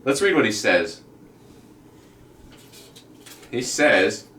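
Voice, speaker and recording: A man's voice: fairly high pitch, very animated, unhurried, pauses often, fairly bright tone, echoey room, distant mic. A man co-hosting a casual chat podcast, rambling with lots of fillers and laughing often. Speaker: podcast co-host.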